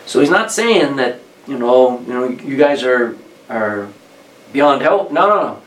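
A man's voice: animated, unhurried. Male preacher, conversational storyteller who pushes up hard on key lines; roomy church sound, mic set back, faint background hum. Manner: conversational, rises in pitch and volume on key points. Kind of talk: sermon with storytelling. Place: church hall with congregation. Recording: echoey room, distant mic, faint background.

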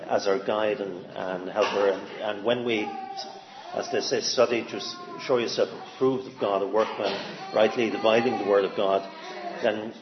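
A man giving an informal sermon, halting, with many fillers and restarts as he speaks. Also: fairly low pitch, echoey room, background noise. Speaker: lay preacher. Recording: dull lo-fi sound with faint ambience.

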